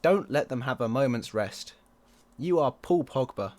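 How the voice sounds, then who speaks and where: A man with a medium-pitched voice comments on a football management game he's playing, let's-play style. He's excitable and prone to groaning or yelling at the match.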